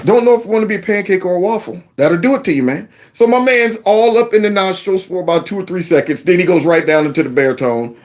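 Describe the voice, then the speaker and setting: A man hosting a video commentary, reacting to clips in an animated, sarcastic, conversational way. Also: high voice, fast talker, few pauses. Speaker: host.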